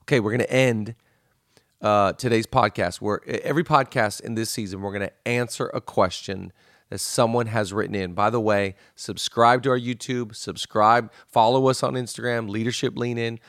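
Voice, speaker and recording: A man's voice: on the low side, steady tone, fairly bright tone, no room sound, studio quality. Enthusiastic man hosting a podcast. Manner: enthusiastic, effusive, quick affirmations. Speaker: podcast host. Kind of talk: casual podcast chat.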